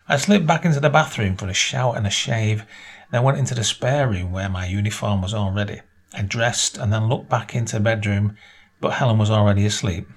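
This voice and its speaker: Husky male story narrator. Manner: measured storytelling, voices dialogue with small pitch lifts. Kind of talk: reading a short story aloud.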